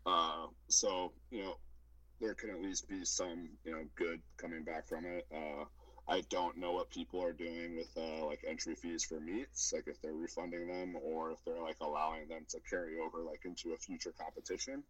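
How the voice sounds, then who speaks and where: A man with an extremely deep voice talks in a relaxed podcast chat. He is a powerlifting coach who hesitates often and fills the gaps. The sound is dry and close. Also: moderate pace, dry recording, low-quality recording. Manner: hesitant, many fillers and restarts.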